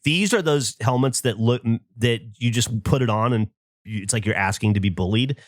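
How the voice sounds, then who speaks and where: A man's voice: medium pitch, moderate pace, dry recording, clean studio sound. A man in his thirties hosting a podcast, telling a story in casual chat and acting out the voices of the people in it. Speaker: podcast host.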